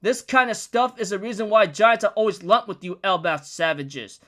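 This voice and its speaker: A man's voice: high-pitched, normal speed, pushed and bright. A man reading the lines of a fierce, proud young giant woman in a heated, scolding tone. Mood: furious.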